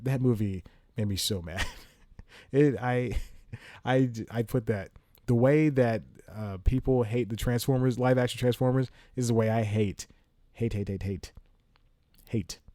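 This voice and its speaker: A man's voice: on the low side, dark tone, dry recording, clean studio sound. A man hosting a casual solo podcast from home, rambling, restarting his sentences and laughing often. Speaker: podcast host.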